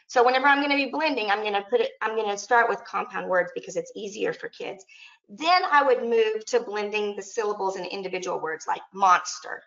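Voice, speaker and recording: A woman's voice: fairly high pitch, a bit bright. A woman teacher presenting a training session, explaining step by step and sounding out words as she demonstrates. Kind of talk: instructional presentation. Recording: echoey, dull lo-fi room sound.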